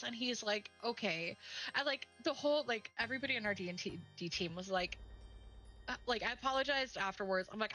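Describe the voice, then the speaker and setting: A woman's voice: fairly high pitch, a little fast, pushed and bright, low-quality recording. A woman chatting casually on a stream, rambling through a story and acting out her friends' lines. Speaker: co-streamer, game jam teammate. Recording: faint background music.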